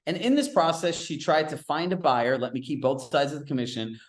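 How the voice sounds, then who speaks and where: A man speaking as a real estate business coach in a live group coaching session, telling stories with quick asides in a direct, conversational way. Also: fairly high pitch, reverberant.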